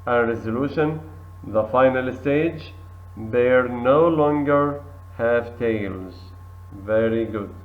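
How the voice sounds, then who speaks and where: A man teaching an English lesson, reading words slowly and repeating each one twice for practice. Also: mid-range voice. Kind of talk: recorded classroom lesson. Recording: tinny phone-like audio.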